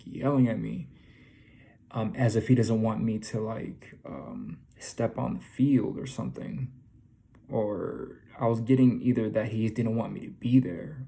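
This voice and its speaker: A man's voice: on the low side, creaky, dark tone. A young man casually telling viewers about a dream, rambling with many fillers and restarts. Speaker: video creator telling a dream. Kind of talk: casual storytelling to camera.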